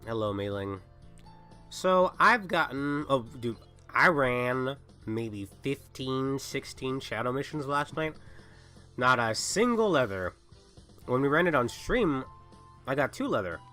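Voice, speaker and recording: A man's voice: medium pitch, expressive, slow, sharp tone, soft background music. Sick young man, rambling stream chat. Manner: rambling, self-interrupting. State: sick, coughing. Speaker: livestreamer. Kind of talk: casual gaming livestream chat.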